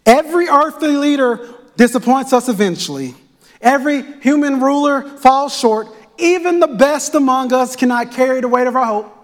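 A male pastor preaching a sermon in a church sanctuary, with rhythmic, repetitive phrasing and call-and-response. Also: extremely high pitch. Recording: echoey church hall.

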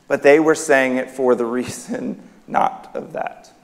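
A man's voice: mid-range voice, fairly even intonation, a little slow. A man preaching a sermon in a church hall, emphatic, his voice rising on key words. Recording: long reverb of a hall.

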